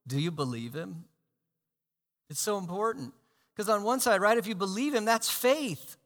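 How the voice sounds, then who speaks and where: A man preaching a sermon as pastor, animated, swinging between loud emphasis and hushed asides. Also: high voice, normal speed. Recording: long hall reverb.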